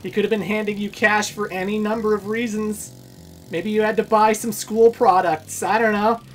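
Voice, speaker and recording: A woman's voice: mid-range voice, steady tone, moderate pace, soft background music. A woman casually commentating a video game playthrough, chatty and giggly, saying "like" a lot. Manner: chatty, giggly, says "like" often. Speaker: let's play host.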